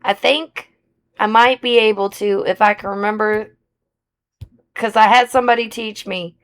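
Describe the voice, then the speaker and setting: A woman's voice: medium pitch, fairly even intonation, normal speed, a bit bright. A woman streamer chatting casually on a live game stream, with an accent, muttering to herself while she plays. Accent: non-British accent.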